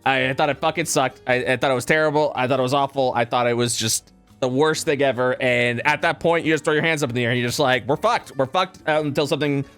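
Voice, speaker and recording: A man's voice: medium pitch, fairly even intonation, quick pace, fairly bright tone, clear, resonant tone, faint music behind. Swearing, ranting podcast guy. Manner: ranting, swears a lot, repeats himself. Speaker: podcast co-host. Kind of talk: casual podcast chat.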